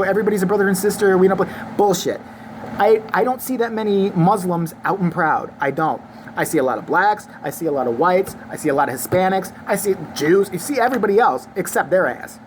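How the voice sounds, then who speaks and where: A woman's voice: medium pitch, background noise. A woman vlogger delivering an angry, crude, sarcastic opinion rant to the camera.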